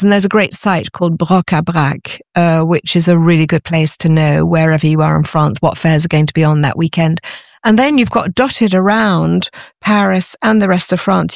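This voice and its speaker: A middle-aged woman being interviewed, chatty and enthusiastic, often pausing with ums as she explains. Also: fairly low pitch, creaky, no echo, clean studio sound. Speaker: guest, antiques author. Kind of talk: conversational interview.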